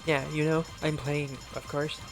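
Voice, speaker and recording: Male French-accented streamer, slow, chatty, thinks aloud with frequent laughs; faint game music behind. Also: fairly high pitch, little pitch movement. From France. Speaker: speedrunner streamer. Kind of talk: casual live-stream commentary.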